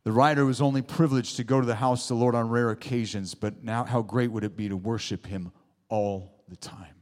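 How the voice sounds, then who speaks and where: A man's voice: medium pitch, fairly even intonation, a little fast. A man preaching a sermon in a church, emphatic, with rising exclamations and call-and-response asides to the congregation. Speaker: pastor. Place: church sanctuary. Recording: long hall reverb.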